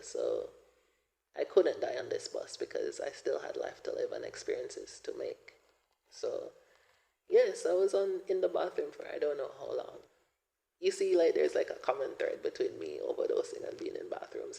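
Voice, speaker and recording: A man in his twenties tells a personal story on his podcast, rambling and full of fillers. His voice sits a touch high, swoops widely up and down and crackles with a deep gravelly fry. He often drops to a breathy whisper. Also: a little mellow. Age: 20s. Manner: rambling, frequent "like" and "you know" fillers. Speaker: podcast host.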